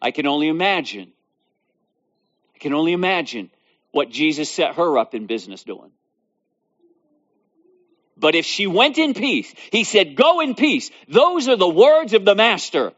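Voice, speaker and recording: A man delivers a sermon in a slightly high, animated voice that swoops up and down. He reads scripture, then repeats key lines with growing emphasis. The recording is dull and lo-fi. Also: measured pace, long pauses. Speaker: preacher.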